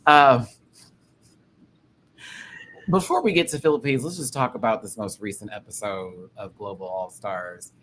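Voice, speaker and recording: A man's voice: fairly low pitch, a little slow, long pauses, a bit bright, a little hiss or hum, poor audio. A man hosting a casual pop-culture chat show, talking in a sassy, rambling, profane way. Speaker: podcast host.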